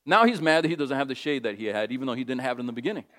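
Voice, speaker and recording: A man's voice: mid-range voice, rapid-fire, a bit bright. A man preaching a sermon in a casual, conversational way, telling stories with lots of animation. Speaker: pastor.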